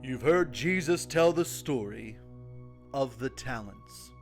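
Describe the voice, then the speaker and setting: A man giving a booming, dramatic show-announcer intro. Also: expressive, slow pace. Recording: distant voice over loud music.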